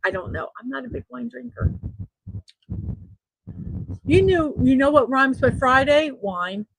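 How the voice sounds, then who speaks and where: A woman's voice: sits high, animated, a little slow, creaky, slightly rough, no echo, rough recording. A middle-aged woman hosting a daily morning show, chatting casually and laughing at her own jokes. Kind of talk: casual solo show, reading memes aloud.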